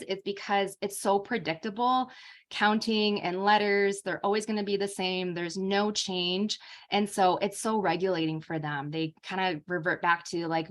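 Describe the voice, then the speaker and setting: A woman's voice: mid-range voice, fairly bright tone. Casual woman giving an informal lecture. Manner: casual, uses many fillers like um and like. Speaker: speech therapist presenter.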